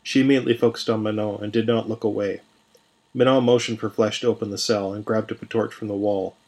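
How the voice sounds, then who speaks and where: A man narrating a scripted fantasy story in a measured, even reading. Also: fairly low pitch. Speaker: podcast storyteller.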